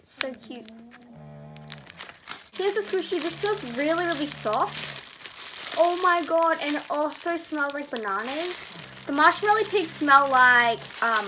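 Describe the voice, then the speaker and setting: A teenage girl reviewing squishy toys in a casual, gushing way, sometimes dropping to a soft murmur. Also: high voice, noisy background. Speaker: squishy haul vlogger.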